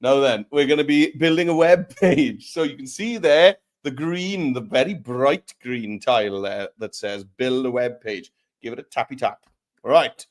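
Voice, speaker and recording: A man's voice: mid-range voice, moderate pace. A man giving a live screen tutorial, talking through each step in a playful, jokey way.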